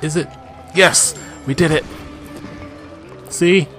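A man doing let's play commentary, swinging between chatty self-talk and loud, swearing outbursts at the game. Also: fairly low pitch, moderate pace, soft background music. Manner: excitable, yelling and swearing at the game.

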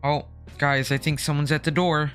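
A man's voice: fairly high pitch, level tone, normal speed, loud music behind the voice. A young man streaming a horror game live, chatting and joking as he gets startled. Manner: chatty, jokey, easily startled. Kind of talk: live gameplay commentary.

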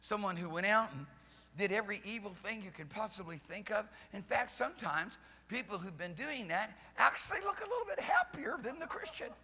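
A male pastor preaching a charismatic sermon at a church service, fervent, swinging from loud shouts to soft pleading. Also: high-pitched, big pitch swings, brisk, breathy edge, in a large hall. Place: church sanctuary during a service.

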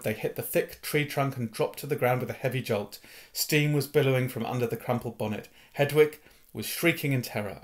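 A man reading a novel aloud in an expressive storytelling manner. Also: medium pitch. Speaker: reader. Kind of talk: audiobook narration of a novel.

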